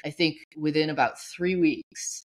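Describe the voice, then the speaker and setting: A woman's voice: low voice, unhurried. A woman cohosting a podcast, telling stories in a rambling, casual way, full of "like" and "you know". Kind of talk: casual storytelling chat.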